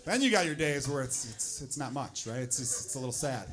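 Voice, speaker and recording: A man performing a stand-up comedy set on stage, animated and swinging into loud exasperated bits. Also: medium pitch, brisk. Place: comedy club stage with audience laughter. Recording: noisy live club recording.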